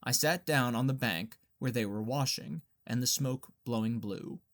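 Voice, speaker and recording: A man reading a novel aloud as an audiobook narrator, in a plain, even storytelling manner. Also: medium pitch, a little slow. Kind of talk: scripted narration.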